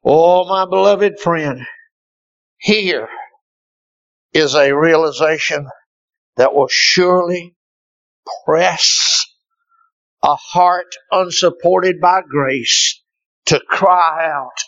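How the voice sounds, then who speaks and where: A male preacher delivering an impassioned sermon, dropping to hushed tones and rising to shouts. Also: extremely slow, pauses often, no room sound, dull audio. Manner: impassioned, swinging from hushed lows to shouted peaks.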